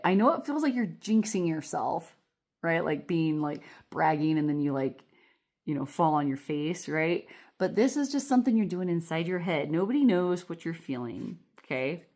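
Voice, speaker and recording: A woman's voice: on the low side, a little mellow. A woman giving a casual pick-a-card tarot reading at home, chatty and reassuring, often checking in with "okay?" and laughing as she talks, recorded on a phone. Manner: laughs often while talking. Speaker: tarot reader. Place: home room. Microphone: phone camera.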